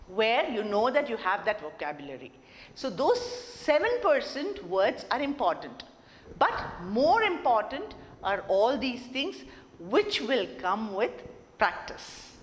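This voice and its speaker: A woman's voice: a little high, measured pace, long reverb tail. A woman teaching communication skills to college students, asking the class questions and acting out different tones as examples. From India. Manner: lively, asks the class questions and demonstrates tone changes. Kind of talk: online lecture to college students.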